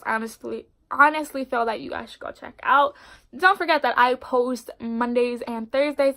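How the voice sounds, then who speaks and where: A young woman with a congested voice reviewing a book in casual, expressive chat. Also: a little high. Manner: expressive and chatty, fillers like "like". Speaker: book vlogger.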